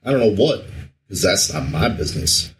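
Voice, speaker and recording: A man's voice: lowish voice, big pitch swings, normal speed, a bit bright, voice pushed down. A man voicing a sulky, shady male drug courier in his own plain reading voice. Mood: insistent.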